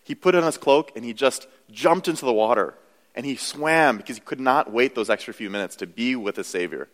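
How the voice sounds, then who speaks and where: A man's voice: mid-range voice, fairly quick, a bit bright, in a large hall. A young adult man preaching a sermon in a conversational, self-deprecating way, full of "you know"s. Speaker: pastor.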